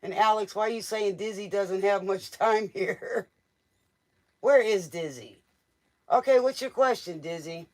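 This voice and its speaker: High-voiced man reading tarot live. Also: measured pace. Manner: jokey, teasing, laughs often; answers viewers' questions from chat. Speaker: tarot reader. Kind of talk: casual live-stream chat.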